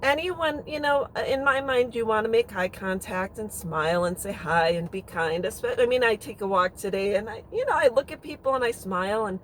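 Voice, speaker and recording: A woman's voice: fairly high pitch, expressive, moderate pace, hardly any pauses, fairly bright tone, rough recording. Chatty woman telling a story, faint hum behind. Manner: chatty, rambling, frank with mild swearing. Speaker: vlogger. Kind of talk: casual storytelling.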